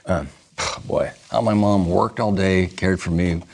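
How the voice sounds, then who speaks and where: A man's voice: deep voice, steady tone, a little slow. A man guesting on a talk show, reading jokes aloud in a playful, self-deprecating way and laughing at his own punchlines. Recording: noisy studio audio.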